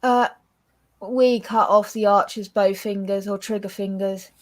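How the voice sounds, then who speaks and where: A woman with an English accent chatting casually as a co-host, blunt and animated, swearing freely. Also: mid-range voice, measured pace. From England. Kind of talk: casual chat.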